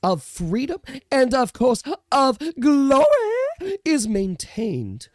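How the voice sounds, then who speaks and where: A man's voice: very high voice, very animated, slow, dry recording, voice pushed up, full character voice. A man voicing a grand, theatrical old priestess with an exaggerated put-on accent. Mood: grandiose.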